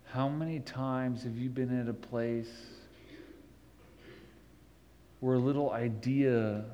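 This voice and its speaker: A man preaching a sermon, rising to emphatic peaks and dropping low and slow to read scripture. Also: fairly even intonation, mellow, highs cut off, a little hiss or hum. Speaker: pastor.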